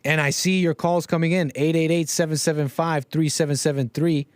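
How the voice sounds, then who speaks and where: A man hosting a live stream in a casual, jokey, animated way, reading out viewer messages and reacting to clips. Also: fairly high pitch, fairly quick, smooth, dry recording, studio quality. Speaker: livestream host.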